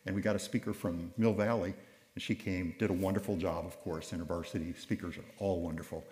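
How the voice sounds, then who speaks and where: An older male pastor tells stories from the pulpit in a relaxed, conversational way, often restarting his sentences. His voice sits very low. The sound rings with the long reverb of a large hall. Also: fast talker. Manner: conversational, anecdotal, with frequent restarts. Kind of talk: sermon storytelling.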